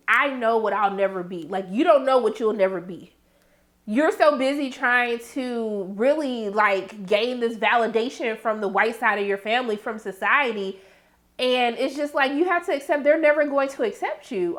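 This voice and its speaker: A woman reviewing a TV episode in casual, animated commentary, acting out reactions and quotes. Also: fairly high pitch. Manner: animated, dramatic quoting and asides. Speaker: TV show reviewer.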